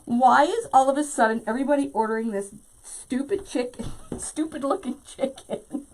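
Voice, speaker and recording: A woman's voice: sits high, normal speed, darkish tone, rough recording. A woman hosting a live craft tutorial, chatting to her viewers directly and laughing often.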